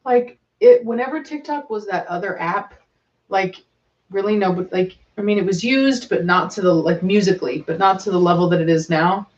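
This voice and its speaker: A woman chatting casually on a livestream, rambling with many fillers and cooing softly to a dog. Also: mid-range voice, normal speed. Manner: rambling with many likes, soft asides to a dog. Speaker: livestream co-host. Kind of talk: casual chat. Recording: distant, dull-sounding mic.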